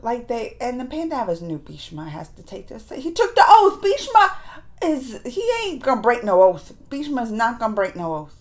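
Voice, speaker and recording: A woman hosting a review channel, recapping episodes to viewers in a chatty, animated way and acting out characters' lines. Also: a little high, normal speed. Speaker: reaction and review channel host. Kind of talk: casual recap chat to viewers.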